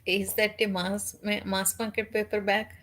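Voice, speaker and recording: A woman chatting on a reading stream, easygoing and teasing, with some hesitant pauses. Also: medium pitch, flat delivery, fairly bright tone. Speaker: guest reader on the stream. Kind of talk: casual chat.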